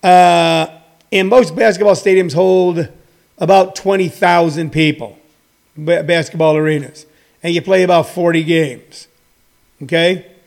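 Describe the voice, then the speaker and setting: Gravelly, rambling older man. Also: a little high, fairly even intonation, a little slow. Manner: meandering, joking, many fillers. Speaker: comedy school host. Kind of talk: rambling casual monologue.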